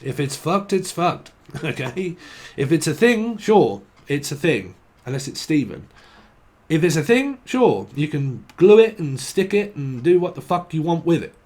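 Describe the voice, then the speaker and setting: A man's voice: a little high, very animated, unhurried, a little mellow. Rambling, profane man. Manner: rambling, profane, laughs often, mimics imagined people. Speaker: tarot reader. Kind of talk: casual tarot reading to camera.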